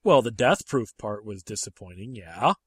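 A man hosting a casual movie chat, talking in an animated, emphatic way. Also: moderate pace, slightly rough, no echo. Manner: animated and emphatic, with sharp rises in pitch when making a point.

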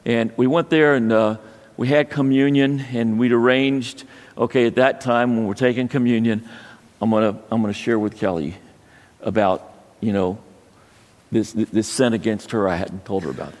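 A man preaching a sermon, telling a personal story in a halting way with frequent restarts. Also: medium pitch, fairly even intonation, darkish tone. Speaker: pastor. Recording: long hall reverb.

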